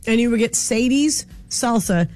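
A woman in her forties hosts a casual radio chat. Her voice sits high, and she talks in a warm rush, teasing and laughing between thoughts. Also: lively intonation, normal speed, faint music behind. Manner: chatty, teasing, laughs often. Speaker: radio show host.

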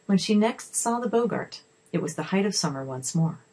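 A woman reading a children's story aloud in a steady, expressive way. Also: mid-range voice, normal speed, rough recording.

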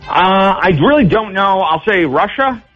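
A man's voice: high voice, animated, normal speed, highs cut off, soft background music. A man calling in to a radio game show and hesitantly guessing answers. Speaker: caller contestant.

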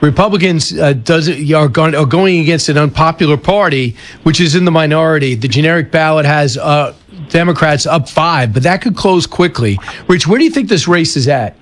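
A man hosts a talk radio show, posing questions to his guest in a loose, conversational way. He slips in sarcastic asides, and his voice sits a bit higher than most men's. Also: normal speed.

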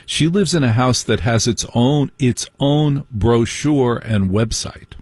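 Husky guy doing a late night radio call-in show, chatty and jokey, dry studio sound. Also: mid-range voice, takes it slowly, darkish tone, no room sound. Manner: chatty, joking, asides and laughs. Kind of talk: casual call-in radio chat. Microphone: studio mic.

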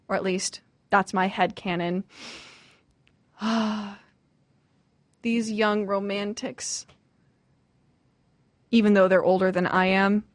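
A woman's voice: medium pitch, flat delivery, slow pace, pauses often, no echo. A woman in her twenties hosting a radio show, chatting casually and giggling as she reads listener messages. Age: 20s. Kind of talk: casual storytelling chat.

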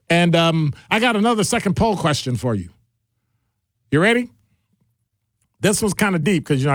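A middle-aged man hosting a casual call-in radio show, talking in a digressive, animated way. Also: no echo, clean studio sound. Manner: animated, digressive, jumps between deep and high voices. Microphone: studio microphone.

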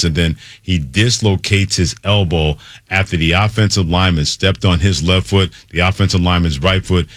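Low-voiced male sports radio host. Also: no room sound. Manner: conversational, brisk. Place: radio studio. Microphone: studio mic.

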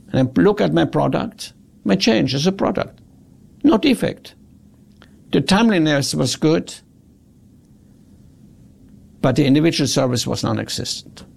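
Gravelly man telling a service story. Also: on the high side. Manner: animated, acts out quotes. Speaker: speaker on customer service. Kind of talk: storytelling talk.

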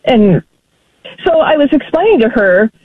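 A woman calling in to a radio talk show, telling her story in an emphatic, animated way and laughing often. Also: sits high, unhurried. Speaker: caller. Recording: tinny phone line.

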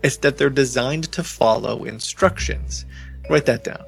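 Man, mid pitch, gravelly, wry instructive voice-over, faint music bed. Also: a little slow. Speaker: video creator explaining scam bots. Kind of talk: explanatory voice-over.

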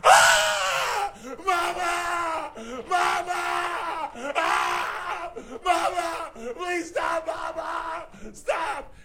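A scared teen boy screaming for mama, super high and loud. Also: very slow, hardly any pauses, over a noisy crowd, heavy background noise, full character voice. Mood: terrified. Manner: panicked high shrieking, crying for mom. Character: scared teenage boy screaming on a drop ride.

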